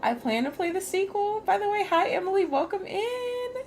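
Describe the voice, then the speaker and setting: A woman's voice: very high-pitched, lively intonation, fast talker, darkish tone, slight background noise. A woman streaming a game, chatting casually with frequent laughs and free swearing. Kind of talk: casual gameplay commentary.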